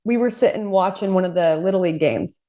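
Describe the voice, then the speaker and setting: A woman co-hosting a casual podcast, telling stories with lively quoted voices and frequent laughter. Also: lowish voice, fast talker. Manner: animated storytelling, acting out quoted voices and laughing. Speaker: podcast co-host. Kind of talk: casual chat.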